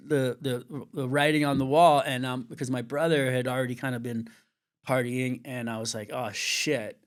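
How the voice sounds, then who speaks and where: A middle-aged man from California telling a candid story in an interview, swearing freely and acting out the other people's lines with lively changes in his voice. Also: medium pitch, brisk, smooth. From Venice, California. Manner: swears freely, acts out quoted dialogue with lively shifts. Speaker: surf commentator, interview guest.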